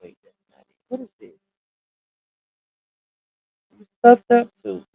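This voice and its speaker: In a slow delivery, recorded without echo but with the highs cut off, a woman hosts a casual livestream. She chats with her viewers, calling them y'all, and keeps pausing to hunt down screenshots.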